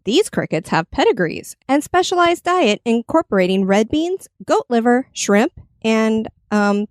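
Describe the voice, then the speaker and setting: On a studio podcast mic with a dry recording, a woman co-host reads history notes in casual chat. Her voice sits on the high side with big pitch swings and an unhurried pace; she's giggly, stumbles over words, and often breaks into laughter.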